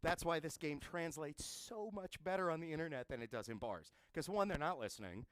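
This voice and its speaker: A man's voice: on the high side, lively intonation, fairly quick, fairly bright tone, a little hiss or hum. A man hosting a live-streamed trivia game, chatty and wisecracking, with a self-mocking streak. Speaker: trivia host.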